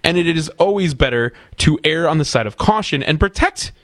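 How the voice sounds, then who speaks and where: Measured man co-hosting political talk. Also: a little high, expressive, no room sound. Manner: measured, restarts with repeated words. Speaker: co-host of a political talk show. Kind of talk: casual political chat.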